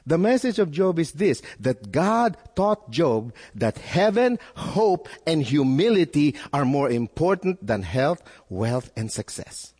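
A male pastor delivers a sermon in a slow, sing-song cadence with few pauses, his voice slightly high, husky and somewhat dark. He poses questions to the congregation and repeats words to build his argument, all in an echoey hall with long reverb.

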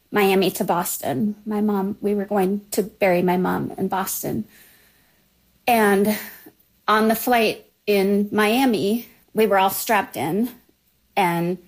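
A woman in her fifties slowly recounting a personal memory as a guest storyteller. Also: mid-range voice, poor audio. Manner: slow, reflective storytelling. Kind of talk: personal recollection.

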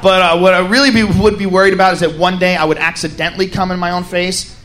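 A young man doing a crude, animated stand-up routine, breaking into shouts at times, on a stage mic. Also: high voice, fast. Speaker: stand-up comedian. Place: comedy stage before a live audience.

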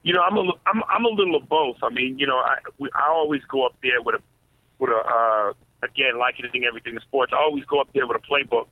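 A man's mid-pitched voice comes through a narrow, tinny phone line with no room sound at all. He is a comedian being interviewed, and he answers in a measured, reflective way. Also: no echo. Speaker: comedian guest.

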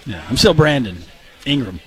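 A man co-hosting a radio show in casual banter, joking and animated. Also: mid-range voice. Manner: joking, animated, quick to laugh. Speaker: radio co-host.

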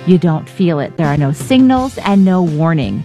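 A woman co-hosting a podcast who banters with dry, deadpan humor and reads an ad. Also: low voice, normal speed, soft background music. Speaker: co-host. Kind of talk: casual podcast chat and ad read.

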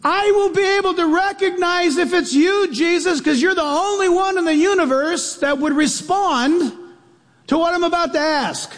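A man's voice: extremely high pitch, moderate pace, in a large hall, voice pushed up. A man voicing a big burly bold fisherman apostle, calling out eagerly in a raised voice as part of a sermon.

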